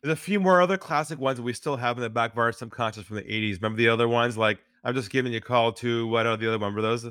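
A man's voice: racing, hardly any pauses, a bit bright, smooth, no echo. Male podcast guest, sales trainer; earnest storyteller, dry booth sound. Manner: earnest, drops his voice low for stories.

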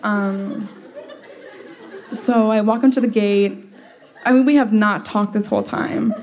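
A woman's voice: medium pitch, steady tone, a little slow, a little mellow, some chatter behind. A young woman telling a personal story in a casual, chatty way, full of "like" fillers and wry laughs. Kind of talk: storytelling monologue.

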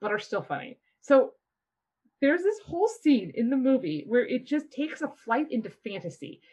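Animated woman retelling a film scene. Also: high voice, moderate pace, husky. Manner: animated storytelling, acting out scenes. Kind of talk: casual chat about a film. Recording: dull lo-fi sound.

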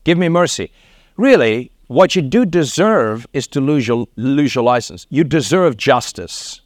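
A man's voice: mid-range voice, animated, a little slow, no room sound, clean studio sound. A middle-aged man with a South African accent preaching a sermon, telling stories with laughs and acted quotes. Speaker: pastor.

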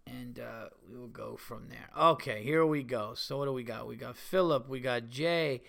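Gravelly and mid-range, this New York podcast host keeps a moderate pace while casually recounting a story. He's animated throughout and acts out the quoted voices of those involved.

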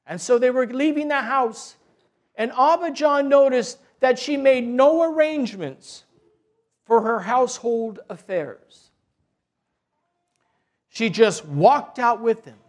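A man telling a religious story in a slow, deliberate, gentle way. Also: extremely high pitch.

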